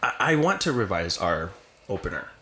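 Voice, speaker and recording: A woman's voice: rumbling low, normal speed, a little hiss or hum. An American woman co-hosting a podcast in casual chat at a home setup, rambling and laughing often as she talks. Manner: rambling, giggly, animated. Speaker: podcast co-host.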